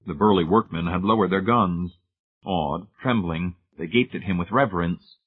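A male audiobook narrator with a lowish, husky voice, reading at a steady, measured pace. The sound is thin and tinny, like a phone line. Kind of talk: scripted narration.

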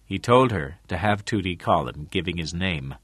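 A man narrating a story aloud in a measured way. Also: low-pitched, lively intonation, a bit bright, slightly rough, dry recording, studio quality. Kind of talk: audiobook narration.

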